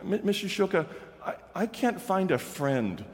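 Stammering, earnest young boy, voice pitched up, as a man puts him on, heard in a reverberant hall. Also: big pitch swings. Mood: pleading. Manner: stammering, halting repeats. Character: anxious stammering boy, sixth-grader, earnest.

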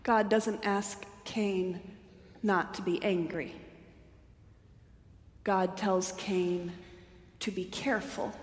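Female preacher, slightly high voice, slow measured sermon, long church reverb. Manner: deliberate, rhetorical questioning.

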